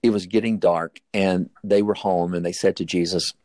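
A man's voice: low voice, steady tone, normal speed, darkish tone, no room sound. A man preaching, retelling a Bible story as an earnest storyteller whose voice climbs sharply at dramatic moments. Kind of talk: sermon-style Bible storytelling.

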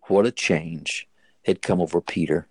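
In a recording with no echo, a man with a low voice preaches by retelling a Bible story in sermon style. He speaks a little slowly and his tone stays steady, yet as an earnest storyteller his voice climbs sharply at the dramatic moments.

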